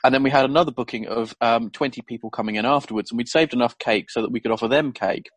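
A man telling a lively story about a catering job and acting out the people in it. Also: mid-range voice, fast, husky, no room sound. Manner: animated storyteller who acts out the people he quotes. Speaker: guest telling stories. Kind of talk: casual anecdote.

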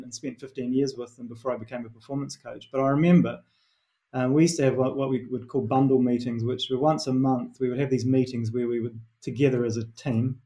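A middle-aged man from New Zealand speaks with a mellow, warm tone and a clear Kiwi accent. He tells stories earnestly and reflectively, often restarting his phrases as he works through an idea in an interview. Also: medium pitch. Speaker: performance coach, author.

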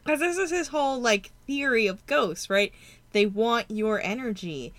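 Woman podcast co-host, bright and lively, sarcastic with frequent laughs. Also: a little high, measured pace, no echo. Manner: animated, sarcastic, laughs often. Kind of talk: casual chat recapping a ghost-hunting show.

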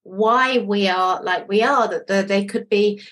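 A woman's voice: medium pitch, unhurried, fairly bright tone. A middle-aged woman talks with earnest energy, often restarting her sentences as she tells a story. Her voice sits in an ordinary middle register. She sounds like an interview guest speaking openly. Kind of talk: interview conversation.

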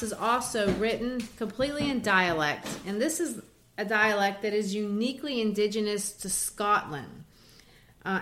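A woman's voice: medium pitch, fairly bright tone. A woman co-hosting a casual educational chat, explaining poetry in a teacherly way with frequent restarts.

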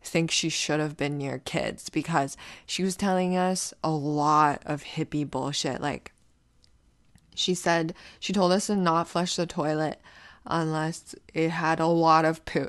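Woman with a low voice, loose and profane, rambling through a story in a dry room. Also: fairly even intonation, takes it slowly, no echo. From grew up partly in Canada, moved there as a child. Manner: rambling, swears often, many restarts and asides. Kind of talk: casual profane storytelling monologue.

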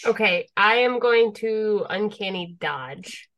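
A woman's voice: medium pitch, expressive, a bit bright. A woman playing in a tabletop game who keeps checking how the rules work. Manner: quick questions about the rules. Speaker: player. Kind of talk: casual tabletop play.

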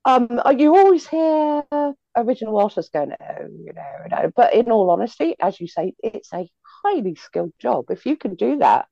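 Mellow-voiced woman, chatty interview guest. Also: on the high side, sing-song, moderate pace, creaky, dry recording, highs cut off. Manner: chatty, hesitant, lots of ums, laughs at herself. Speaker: guest singer. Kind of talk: casual interview chat.

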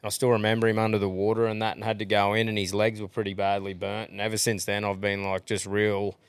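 A man's voice: lowish voice, level tone, quick pace, clear, resonant tone, no room sound. A man with an Australian accent hosting a casual podcast chat, blokey and swearing freely. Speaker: podcast host.

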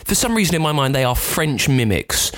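A British man co-hosting a podcast, musing aloud in an animated, chatty way. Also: on the high side, brisk, no echo. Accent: British English. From England. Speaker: podcast co-host. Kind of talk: casual chat.

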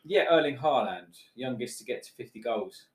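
A man with a medium-pitched voice chats about football with his friends. He tells stories loosely, full of filler words. His voice carries a clear room echo. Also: animated, normal speed. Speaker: podcast co-host. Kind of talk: casual football chat. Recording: roomy echo.

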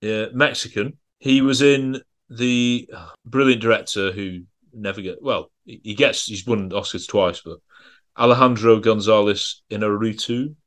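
A man's voice: on the low side, fairly even intonation, a little slow, fairly bright tone. A man hosting a casual film-review podcast, chatty and rambling, often trailing off mid-thought. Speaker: podcast host.

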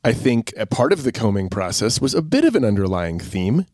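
A man's voice: on the low side, very animated, brisk, darkish tone, no echo, clean studio sound. Chatty man co-hosting a podcast. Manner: chatty, self-deprecating, laughs easily. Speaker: podcast co-host. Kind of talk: casual chat.

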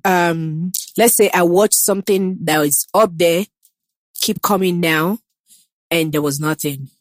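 A woman's voice: fairly low pitch, unhurried, no echo, studio quality. A young woman with a Nigerian accent, chatting in an interview about herself, confident and emphatic, slipping into Pidgin. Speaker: guest. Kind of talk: casual interview chat.

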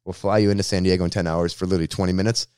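Deep-voiced radio host from Boston, quick slangy storyteller, interview guest. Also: male voice, clean tone, no room sound, clean studio sound. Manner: slangy, lively anecdotal telling.

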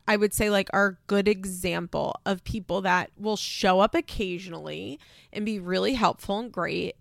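A woman's voice: medium pitch, creaky, fairly bright tone, dry recording, studio quality. A young adult woman hosting a podcast, chatting casually and sarcastically through a reality-TV recap with lots of rhetorical questions. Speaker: podcast host.

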